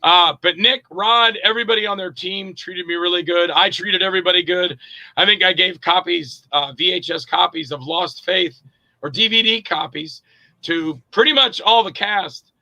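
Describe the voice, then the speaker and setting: A man's voice: high-pitched, normal speed, creaky, no echo, rough recording. A middle-aged man, an actor and director, casually telling stories in an interview and acting out quoted dialogue with plenty of fillers. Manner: animated, acts out quoted dialogue, frequent fillers.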